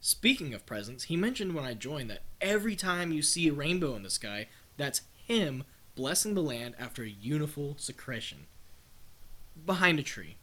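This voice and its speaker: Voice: mid-range voice, very animated, normal speed, pushed and bright. A performer voicing a zealous male centaur cult follower, preachy and gushing, prone to sudden outbursts in a comedy audio drama. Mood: fervent.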